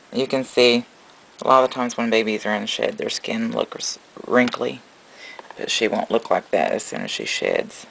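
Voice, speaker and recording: A man breeding snakes, chatting casually through a video update and gently cooing at the baby snakes. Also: mid-range voice, creaky, low-quality recording.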